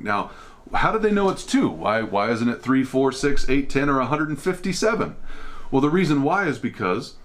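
A man from America teaching a casual Bible study, explaining verses and thinking aloud as he goes. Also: medium pitch.

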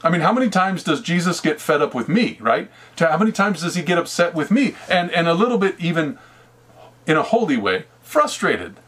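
A man's voice: a little high, very animated, brisk, fairly bright tone, breathy edge. A man giving a casual sermon, talking conversationally and acting out imagined dialogue with God, with laughs now and then. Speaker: preacher.

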